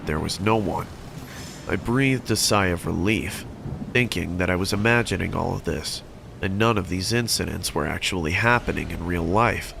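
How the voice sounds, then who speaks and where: A man narrating a scripted horror story in an even, measured way. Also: sits low, gravelly, background noise.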